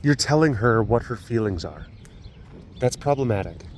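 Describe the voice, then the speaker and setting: A man's voice: medium pitch, lively intonation, moderate pace, a little hiss or hum. A man hosting a casual vlog at a big cat facility, telling a story with laughs and cooing fondly at the animals. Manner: chatty, laughing, coos affectionately at the animals. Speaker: animal caretaker and vlog host.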